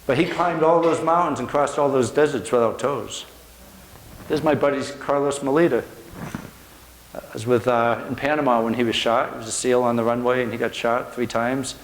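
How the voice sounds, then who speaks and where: A man's voice: mid-range voice, steady tone, normal speed, a little hiss or hum. A middle-aged American man giving a motivational speech to a room, telling stories earnestly with emphatic repetition. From United States. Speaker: motivational speaker. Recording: echoey room.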